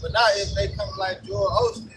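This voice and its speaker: A man with a high voice talks in an animated, slangy way. He is recorded outdoors from a distance, with loud street noise. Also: moderate pace. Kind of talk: casual discussion.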